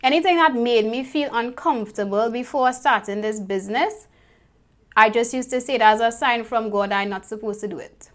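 A young woman coach shares her own story in an earnest, reflective talk. Her voice sits a little high, and she builds her points through repeated phrases. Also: normal speed. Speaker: life coach.

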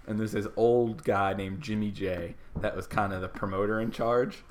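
A man's voice: on the low side, normal speed, slight background noise. A man co-hosting a podcast in casual chat, telling stories animatedly and laughing often. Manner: animated storyteller, laughs often, does voices. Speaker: podcast co-host.

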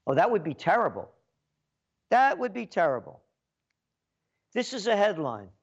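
A man's voice: sits high, very animated, normal speed, muffled recording. A man giving an indignant, repetitive political rant as a commentator.

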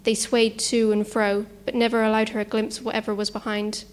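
A woman narrating a suspense story in a measured, tense manner. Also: on the high side, completely flat delivery.

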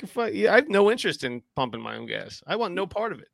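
Animated, gravelly high-pitched man. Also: fast talker. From New Jersey. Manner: profane, animated, exclaiming. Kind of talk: casual argumentative banter.

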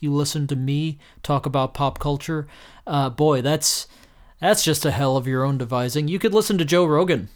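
A tired man rambles through a solo podcast, self-deprecating and full of "uh"s. His voice is smooth and clear and sits a touch high for a man. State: tired and a little tipsy. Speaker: podcast host. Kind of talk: casual solo podcast talk.

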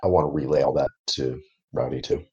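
Very deep, husky-voiced man player. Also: steady tone, a little fast, mellow, lo-fi sound. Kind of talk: casual tabletop play.

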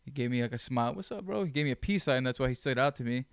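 Male podcast host, casual chat, smooth resonant voice, dry close sound, blunt and profane. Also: medium pitch, racing, no echo. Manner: blunt, swears often, animated storytelling.

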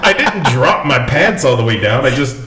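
Male podcast co-host, mid-pitched, loose and profane, recorded in an echoey room. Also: very animated, moderate pace, over a noisy crowd. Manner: laid-back, swears freely, laughs often. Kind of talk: casual chat.

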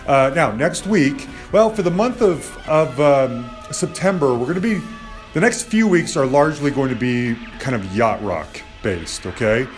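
A man hosts a podcast in a relaxed, rambling way, full of "uh" and "you know." His voice sits at an ordinary middle pitch. Faint music plays in the background. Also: moderate pace. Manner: friendly, rambling, agreeable, filler-heavy. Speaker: podcast host. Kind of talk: casual podcast chat and outro.

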